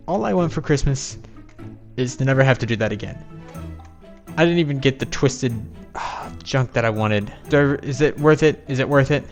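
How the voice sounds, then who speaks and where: A man in the middle of a gameplay session, griping at his own mistakes in a loose, rambling, self-mocking flow. His voice sits at an ordinary middle pitch. Soft music plays quietly underneath him. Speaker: video game let's-play host. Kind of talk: casual gameplay commentary.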